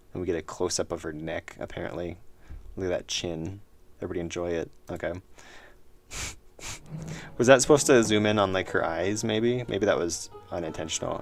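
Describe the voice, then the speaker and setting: Gravelly low-voiced man streaming a game. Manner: thinks aloud, rambling with fillers and self-mocking laughs. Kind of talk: casual let's-play commentary.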